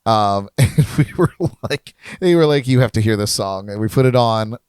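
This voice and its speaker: Laid-back podcast host, smooth and dry. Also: male voice, on the low side, normal speed, darkish tone, no room sound. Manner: laid-back, laughs easily, short agreeing replies. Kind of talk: casual podcast chat. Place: studio lounge.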